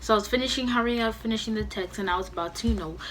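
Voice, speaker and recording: Young woman, storytime vlog, chatty, animated, home camera mic, faint hiss. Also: on the high side, very fast. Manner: animated, heavy use of "you know" and "like", acts out her own angry quotes. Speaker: vlogger.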